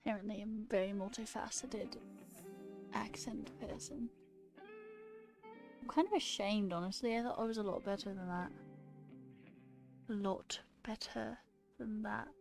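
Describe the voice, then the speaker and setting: A woman's voice: medium pitch, normal speed, pauses often, a little mellow, faint music behind. A woman streamer chatting casually with her viewers while coding, self-mocking and swearing freely.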